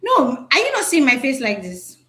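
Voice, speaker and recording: A woman with a slightly high voice teaches a live class over a video call. She talks in a chatty way, often tagging her points with "right?" and asking her listeners what they want. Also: huge pitch swings, normal speed, sharp tone. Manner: chatty, repeats "right?", asks the audience.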